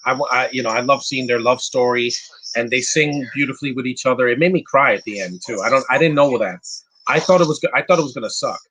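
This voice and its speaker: His husky, fairly bright, mid-range voice moves at a quick pace as he talks casually over a movie. Answering chat questions with blunt, insulting opinions, he keeps restarting sentences and throwing in fillers.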